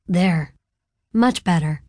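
A woman's voice: lowish voice, animated, slow pace, dark tone, no room sound. Woman doing a teasing, charming yachtsman. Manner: teasing, crooning. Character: charming wealthy male yachtsman, teasing and amused. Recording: dry close audiobook studio.

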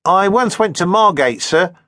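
A man voicing a timid, pleading landsman tradesman in an audiobook, high and eager. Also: lively intonation, normal speed, bright, forceful tone, dry recording, clean studio sound. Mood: earnest.

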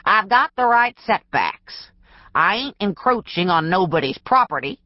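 A woman's voice: medium pitch, big pitch swings, measured pace, no room sound, highs cut off. Woman doing snarling old mountain man. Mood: defiant. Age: older. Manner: snarling rural drawl, ungrammatical. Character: ornery old male mountain storekeeper.

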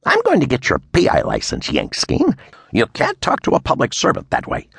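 A man voicing a brash, pushy male public official who is quick to take offense, in an audiobook. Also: fairly low pitch, wildly swooping pitch, no echo, clean studio sound, pitched above the performer's own voice, full character voice. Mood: indignant.

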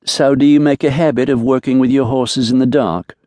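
A man's voice: steady tone, fairly quick, mellow, dry recording, lightly acted. A man voicing a tall, slender young woman who speaks in a lifted, questioning voice. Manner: lifted pitch, direct and questioning.

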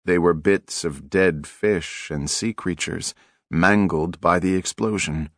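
Low-voiced man narrating an audiobook. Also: no echo, studio quality. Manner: measured, dramatic storytelling. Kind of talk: scripted narration. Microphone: close studio mic.

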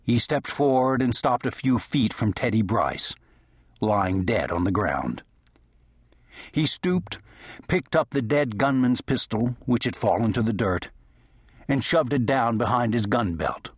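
Husky male audiobook narrator. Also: medium pitch, lively intonation, measured pace, no room sound, clean studio sound. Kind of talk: scripted narration.

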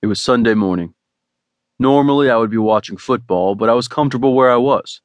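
A man narrating a first-person romance audiobook in a relaxed, wry way. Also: medium pitch, brisk, dry recording, lo-fi sound.

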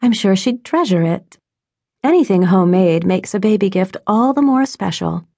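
A woman's voice: medium pitch, lively intonation, normal speed, mellow, slightly rough, no room sound, clean studio sound, pitched above the performer's own voice. A woman voicing a friendly adult woman who owns a yarn shop, chatty, upbeat and reassuring, in an audiobook.

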